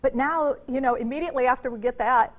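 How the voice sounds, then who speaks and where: A woman's voice: high voice, fast. A woman co-hosting a daytime talk show, reading a news item and then talking it over loosely. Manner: reads stories, then rambles with fillers. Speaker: co-host.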